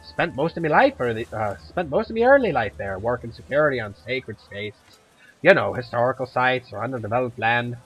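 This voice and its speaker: A man plays a tough, middle-aged Irish woman who hunts monsters, using a put-on Irish accent that drifts toward Scottish. The character talks bluntly, gruffly and chattily. His voice is mid-range, and the audio is poor.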